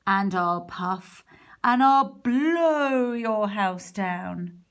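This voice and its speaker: A woman voicing a sly, growly male wolf in a storybook reading, drawing out loud threats. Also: medium pitch, expressive. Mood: menacing. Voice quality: growly, gruff. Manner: slow, drawn-out loud threats.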